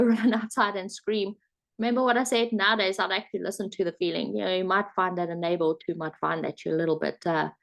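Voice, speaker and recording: A woman's voice: medium pitch, darkish tone. A woman life coach teaching in a webinar, talking conversationally and guiding breathing exercises with spoken counts.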